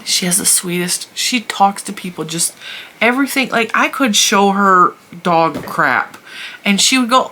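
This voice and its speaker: A woman in her forties hosts her crochet channel in a casual, rambling chat, laughing often as she goes. Her voice sits a little low but has a bright, forceful edge. She talks into a phone mounted in front of her. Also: lively intonation, moderate pace, slight background noise. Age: 40s. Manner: chatty, laughs often between thoughts.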